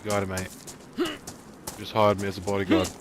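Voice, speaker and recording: A gruff man. He is blunt and swears freely as he plays a roleplay character. Faint game sounds run underneath. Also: low voice, monotone, a little fast, slight background noise. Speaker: roleplay player.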